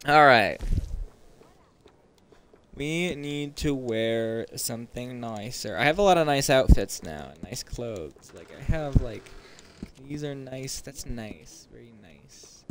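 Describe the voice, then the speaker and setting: A young man with a mid-pitched voice chats idly as he plays a game, rambling and talking to himself. Faint game sounds sit quietly behind him. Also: lively intonation, slow pace, slight background noise. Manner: chatty, rambling, self-talking while playing. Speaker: gaming streamer. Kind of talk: casual let's-play commentary.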